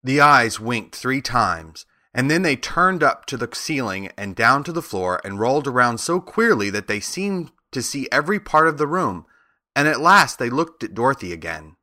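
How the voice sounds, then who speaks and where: Male narrator for a children's audiobook; bright tone, steady, measured delivery. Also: mid-range voice.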